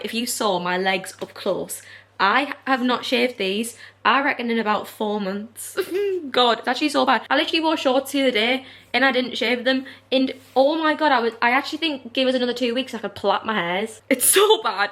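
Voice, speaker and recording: A woman in her twenties chatting casually to camera in a vlog, animated and chatty as she tells stories with laughs. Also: on the high side. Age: 20s. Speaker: vlogger. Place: out and about, shops and street.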